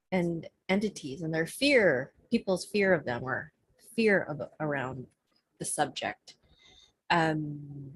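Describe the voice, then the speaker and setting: A woman co-hosting a casual spiritual talk show over a video call, chatty and relaxed, with frequent fillers. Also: fairly low pitch, slightly rough, no echo. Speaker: podcast co-host.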